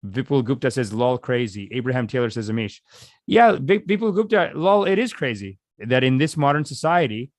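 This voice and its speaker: A man with a mid-range, very animated voice, speaking a little fast in a dry recording, leads a live meditation session. The meditation teacher talks in a rambling, casual way during the livestream and reads viewer comments aloud.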